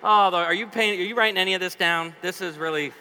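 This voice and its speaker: Talking fast in a smooth, high-sitting voice, a male guest preacher jokes his way through a humorous sermon in church. He keeps it lively and quizzes the audience, all captured in an echoey hall.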